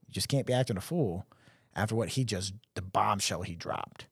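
A man's voice: on the low side, moderate pace, gravelly, slightly rough, dry recording, studio quality. A young man telling stories in casual podcast chat, acting out quotes in different voices. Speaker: podcast co-host.

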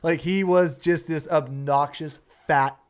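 A young man who works as a fishing guide, telling a story in casual podcast talk, animated and swearing freely. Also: a little high, takes it slowly, a crowd in the background. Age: young adult. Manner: animated, swears often, acts out quotes.

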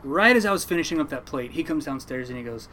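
A man's voice: fairly high pitch, lively intonation, fast, bright, forceful tone, a little hiss or hum. A man, a fisherman, telling a rambling story in a casual interview, with frequent restarts and fillers.

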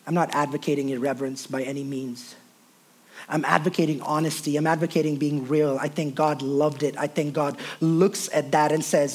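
A man with a high, light voice preaches to his congregation. He speaks earnestly, repeats words as he searches for them, and moves between raised and hushed passages. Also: flat delivery, moderate pace, breathy edge. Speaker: pastor. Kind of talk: sermon.

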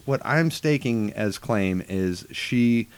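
Male, casual friend chat; blunt, profane, animated opinions. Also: mid-range voice, takes it slowly, clean tone.

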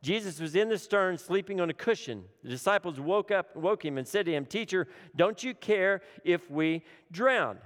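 A man preaching a sermon with dramatic swings between urgent, loud lines and hushed, low ones, repeating phrases for emphasis. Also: lively intonation, moderate pace, few pauses. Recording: long hall reverb.

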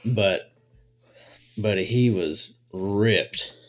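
A man co-hosting a casual chat, telling stories with big, loud laughs and the odd swear. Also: lowish voice, drawn-out words, soft background music. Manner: animated storyteller, swears, laughs loudly.

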